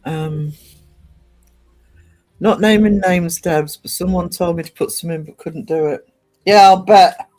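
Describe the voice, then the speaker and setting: A man's voice: fairly high pitch, measured pace, long pauses, a little mellow, soft background music. A man streaming live, chatting casually in a rambling way full of ums and restarts.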